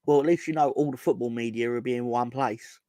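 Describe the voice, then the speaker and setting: A man's voice: medium pitch, steady tone, fast, warm tone, no room sound. A man co-hosting a casual football fan show, rambling and sardonic, swearing freely. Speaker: football podcast co-host.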